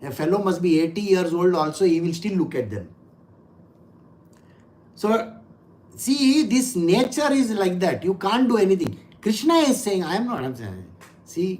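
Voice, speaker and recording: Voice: medium pitch, darkish tone. A spiritual teacher talks through scripture in a loose, conversational way. The teacher weaves in stories, chuckles along, and keeps throwing rhetorical questions at the listeners. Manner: laughs while telling anecdotes. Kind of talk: conversational scripture talk with storytelling.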